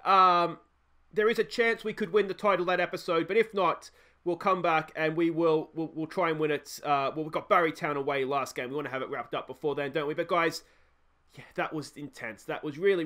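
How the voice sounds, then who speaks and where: A young Australian man commentating his own football management game, talking to the players and yelling at the screen when it gets tense. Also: on the high side, quick pace. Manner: animated, yells at the screen. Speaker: gaming channel host. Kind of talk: excited let's-play commentary.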